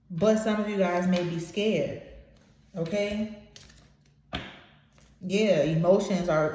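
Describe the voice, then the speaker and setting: Tarot lady preaching at her viewers, swears a lot, warm low tone, big echo all around. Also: a little hiss or hum. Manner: emphatic, preachy, swears casually. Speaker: tarot reader. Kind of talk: channeled tarot reading to viewers. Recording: very echoey room.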